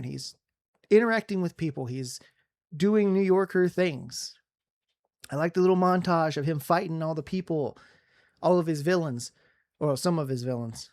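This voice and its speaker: A man co-hosting a casual podcast, reviewing a movie in an excited, rambling way with lots of restarts. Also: a little high, normal speed. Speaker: podcast co-host.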